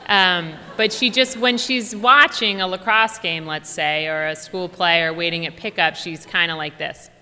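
A woman's voice: lowish voice, fairly even intonation, normal speed, few pauses, sharp tone, big-room sound. A woman with a Philadelphia accent giving an effusive, chatty, humorous talk to an audience as an author. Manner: effusive, chatty, laughs often. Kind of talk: lively humorous stage talk. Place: large hall before an audience.

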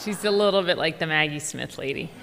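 A woman's voice: low voice, fast talker, in a large hall, background noise. A woman with a Philadelphia accent giving an effusive, chatty, humorous talk to an audience as an author. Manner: effusive, chatty, laughs often. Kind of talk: lively humorous stage talk. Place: large hall before an audience.

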